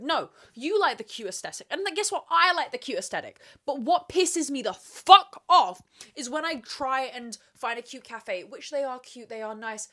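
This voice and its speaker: A woman's voice: on the high side, animated, normal speed, pushed and bright. A young woman in her twenties hosting a solo podcast to camera, ranting emphatically and swearing freely. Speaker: podcast host. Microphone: camera mic, speaking to camera.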